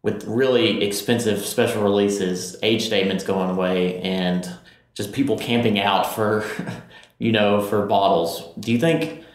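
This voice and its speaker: A man's voice: lowish voice, fairly even intonation, a little slow. A man hosting a podcast, asking rambling, casual questions full of "you know". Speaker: podcast host. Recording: very echoey room with faint noise.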